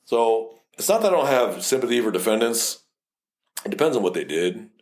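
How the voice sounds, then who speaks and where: A man's voice: mid-range voice, very animated, a little fast, darkish tone. A man from South Texas, a police officer co-hosting a podcast, talking in a blunt, profane, casual way and telling stories animatedly.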